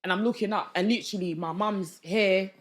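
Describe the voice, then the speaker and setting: A young woman, a podcast guest telling a story in casual chat, animated and slangy, acting out the voices of people she quotes. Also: medium pitch, fairly quick. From London.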